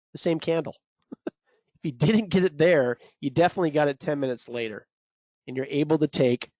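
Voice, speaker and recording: A man's voice: medium pitch, no echo, muffled recording. A man coaching traders in a live webinar, talking straight to viewers in a salesy, pumped-up way. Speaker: trading coach presenting a webinar. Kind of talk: energetic live webinar teaching.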